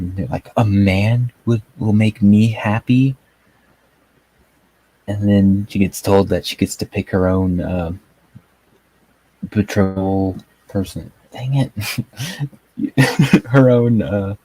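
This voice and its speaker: A man's voice: deep voice, mellow, slightly rough, low-quality recording. A man chatting casually as he reviews a TV episode, rambling with lots of fillers and frequent chuckles. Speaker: TV show reviewer. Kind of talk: casual video review chat.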